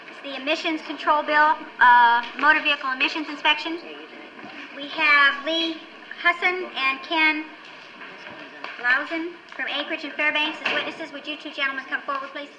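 A middle-aged woman chairing a legislative committee hearing, brisk and directive as she runs the meeting. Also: high voice, heavy background noise.

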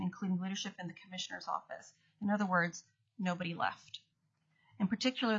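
Brisk, husky woman giving formal testimony. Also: on the low side, a bit bright. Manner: reads steadily, corrects small slips. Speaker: acting state commissioner testifying. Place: legislative hearing room. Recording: dull lo-fi hearing audio.

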